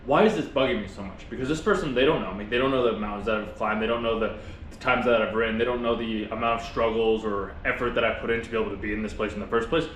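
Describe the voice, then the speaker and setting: A man's voice: lowish voice, fairly even intonation, fast talker, a bit bright, reverberant, slight background noise, rough recording. A man vlogging a casual motivational monologue, earnest and reflective, talking with his mouth full while he eats. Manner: earnest, reflective, rambling with restarts.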